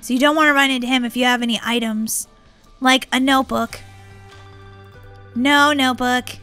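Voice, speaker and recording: A woman giving excited gameplay commentary as a channel host, squealing, laughing and crying out in bursts of panic. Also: high-pitched, normal speed, clear, resonant tone, soft background music. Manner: squealing, laughing, breathless exclamations.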